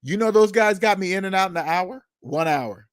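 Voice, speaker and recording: Animated, profane man telling stories. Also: high-pitched, moderate pace, smooth, no room sound, studio quality. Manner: animated, profane, laughs at himself, acts out quotes. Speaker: podcast host. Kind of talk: casual storytelling monologue. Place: Seattle.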